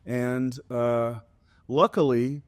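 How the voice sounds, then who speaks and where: A man's voice: medium pitch, drawn-out words, no room sound. A middle-aged man on a podcast, casually telling a family story and acting out the voices of the people in it. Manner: animated storyteller, acts out quoted voices. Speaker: podcast co-host, father.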